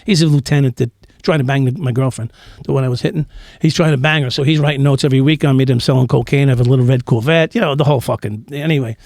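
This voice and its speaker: A man's voice: medium pitch, steady tone, racing, a little mellow, dry recording, studio quality. A middle-aged man, a former cop telling stories bluntly and profanely in an interview, acting out what people said. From New York. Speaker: interview guest, former police officer. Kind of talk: candid storytelling in a podcast interview.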